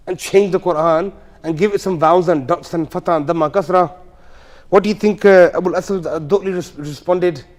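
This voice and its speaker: A man's voice: sits high, darkish tone. A man teaching a tajweed class in a mosque, telling the story casually and quizzing his students as he goes. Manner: chatty, asks the class questions, slangy asides. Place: mosque hall. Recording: long reverb of a mosque hall.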